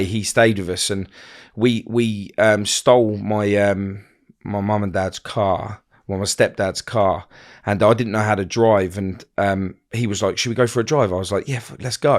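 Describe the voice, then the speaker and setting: A man telling stories in an interview, rambling and halting with many fillers and restarts. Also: lowish voice. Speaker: interview guest. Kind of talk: casual storytelling interview.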